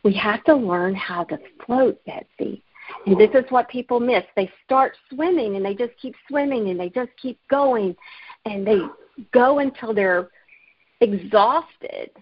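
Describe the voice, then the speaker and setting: A woman's voice: on the high side, unhurried, breathy edge. A woman author from Alabama, telling her story in an earnest, storytelling way during an interview and laughing easily. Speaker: author and guest. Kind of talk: interview conversation. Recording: muffled lo-fi remote audio.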